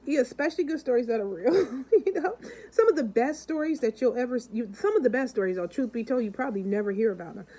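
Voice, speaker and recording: Chatty woman vlogger with a mellow voice. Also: fairly high pitch, rough recording. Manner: chatty, keeps calling out to the viewers; acts out the people in her stories. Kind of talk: casual chat and storytelling to viewers.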